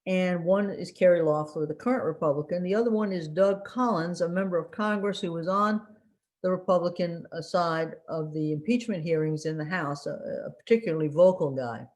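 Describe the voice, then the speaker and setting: A woman giving an unscripted election briefing as a political commentator, halting often with fillers while recalling names and dropping dry, wry asides. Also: lowish voice, darkish tone.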